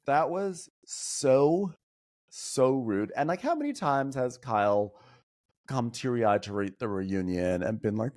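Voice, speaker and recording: A man guesting on a podcast, chatting casually and slipping into quick mocking impressions, laughing often. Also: mid-range voice, sing-song, darkish tone. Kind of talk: casual chat.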